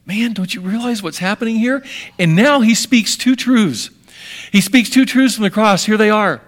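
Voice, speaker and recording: A man preaching a sermon with dramatic swings between hushed and emphatic delivery. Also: high-pitched.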